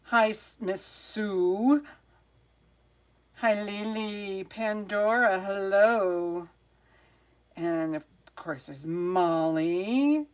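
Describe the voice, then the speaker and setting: A flustered, chatty woman runs a live jewelry sale stream, muttering to herself while wrestling with her devices before greeting viewers one after another. She talks extremely slowly at a medium pitch.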